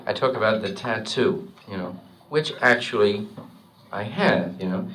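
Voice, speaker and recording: A man's voice: lowish voice, animated, a little slow, fairly bright tone. A male comedian in his thirties telling a stand-up story in a rambling, conversational way. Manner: rambling, conversational, peppered with "you know". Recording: distant, noisy old live recording.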